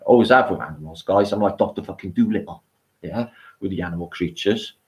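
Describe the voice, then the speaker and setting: A middle-aged man, rambling excitably on a live stream, swearing often and laughing between thoughts, worn out from a long walk. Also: deep voice, brisk. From Wales. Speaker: livestream host.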